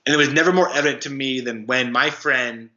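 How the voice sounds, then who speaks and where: A man's voice: medium pitch, a little fast, sharp tone. A young man, a podcast guest, telling a personal story casually with many fillers and restarts. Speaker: podcast guest, anti-trafficking worker. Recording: dull lo-fi sound.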